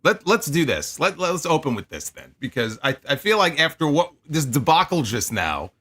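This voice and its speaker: A man's voice: fairly high pitch, very animated, moderate pace, a bit bright. A man co-hosting a casual livestream, wry and upbeat, joking as he gets things going. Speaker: podcast co-host.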